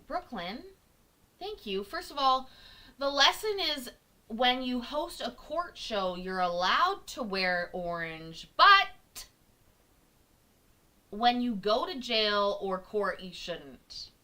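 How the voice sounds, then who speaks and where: A woman chats to her live viewers from a home kitchen, her voice high and bright. She jokes, teases herself and swears freely, but she talks slowly and takes her time. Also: very animated. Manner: chatty, jokey and self-teasing, swears freely. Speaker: livestream host reacting to court videos. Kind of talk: casual chat to a live audience.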